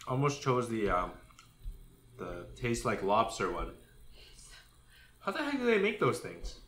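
A man's voice: lowish voice, wildly swooping pitch, measured pace, a bit bright, roomy sound, a little hiss or hum. A man co-hosting a couple's eating vlog, chatting at the dinner table and asking curious questions, picked up by a small camera. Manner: curious, asks lots of questions. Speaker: vlog co-host. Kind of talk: casual chat while eating. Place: home dining table at a hot pot meal. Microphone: GoPro camera on the table.

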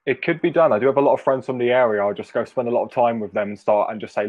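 A young man in his twenties telling stories in an animated way, full of restarts and laughter. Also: mid-range voice, dry recording, muffled recording. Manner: animated storyteller, halting restarts. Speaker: podcast co-host. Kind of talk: casual chat.

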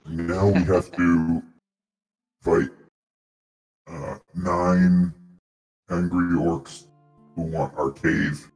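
A man's voice: low-pitched, flat delivery, extremely slow, pauses often, a little mellow, soft background music. A man playing a tabletop game who chats casually over a video call with dry, self-mocking humor. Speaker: player.

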